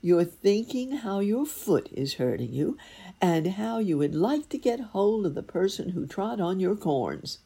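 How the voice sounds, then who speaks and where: A woman voicing a calm, resourceful male cat who poses as a grand wizard, speaking slowly and impressively. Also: mid-range voice, vocal fry, husky, pitched above the performer's own voice, exaggerated voice. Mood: calm, crafty. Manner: measured, impressive, slow.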